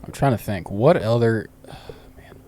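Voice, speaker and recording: A man's voice: on the low side, unhurried, a little hiss or hum. A man co-hosting a casual podcast, with a laid-back, easygoing way of talking. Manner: laid-back, drifts quieter when reminiscing. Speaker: podcast co-host. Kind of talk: casual chat. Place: cigar shop.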